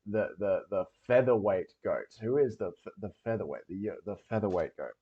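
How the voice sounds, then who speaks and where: A man's voice: fairly low pitch, expressive, moderate pace, breathy edge. Rambling man on a lo-fi stream. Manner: rambling, swears, jokey banter with chat. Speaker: livestream host reading chat. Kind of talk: casual livestream chat.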